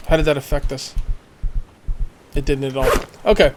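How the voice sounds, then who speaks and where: A man's voice: medium pitch, little pitch movement, fairly quick, long pauses, background noise. A man casually commenting while playing a survival game, thinking aloud and making jokey asides. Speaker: let's play gamer.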